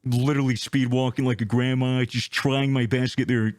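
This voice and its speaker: A man telling a travel story in casual chat, animated and swearing, acting out the people he met. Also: medium pitch, brisk, no echo, clean studio sound.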